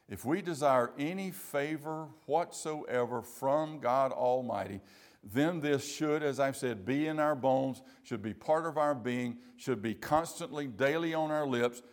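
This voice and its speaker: A pastor from South Carolina, preaching a sermon slowly and deliberately, with emphatic repeated phrases. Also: male voice, mid-range voice, animated.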